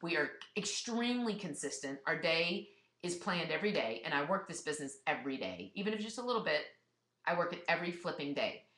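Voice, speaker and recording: Woman giving a tough-love pep talk on a webinar, kinda low voice, sharp bright tone, echoey room. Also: very animated, brisk. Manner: blunt, emphatic pep talk. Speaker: fitness business coach.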